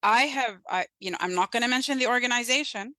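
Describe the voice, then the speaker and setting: A woman guest in a conversational interview, telling her story in an emphatic, animated way. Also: fairly high pitch, fast, no echo, rough recording. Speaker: podcast guest.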